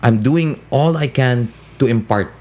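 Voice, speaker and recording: A man's voice: mid-range voice, unhurried, mellow. A Filipino man in his forties, a radio DJ, speaking English with a Californian-tinged American accent and slipping into Tagalog and Bisaya while laughing often. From Philippines. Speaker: radio DJ and voice-over talent. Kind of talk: interview chat.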